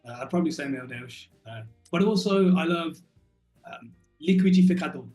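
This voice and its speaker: Soft-spoken English guest in an echoey room. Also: male voice, on the high side, lively intonation, moderate pace, soft background music. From England. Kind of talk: casual video-call interview.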